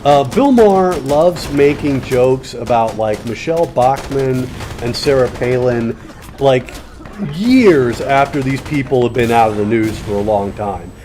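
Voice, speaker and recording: Man, gaming commentary, casual rambling, many fillers, sarcastic asides, mid pitch. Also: expressive, measured pace, warm tone, a little hiss or hum. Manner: loose, chatty, many fillers and restarts. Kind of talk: casual rambling commentary while playing a game.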